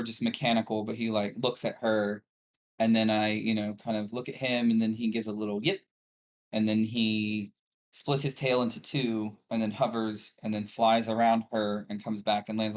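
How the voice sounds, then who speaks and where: A man playing a tabletop game, speaking in a composed, matter-of-fact way. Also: on the low side. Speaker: player. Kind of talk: tabletop role-play.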